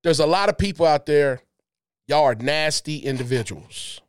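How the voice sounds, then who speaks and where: A man hosting a casual podcast chat, animated and teasing. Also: a little high, moderate pace, clear, resonant tone. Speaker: podcast host.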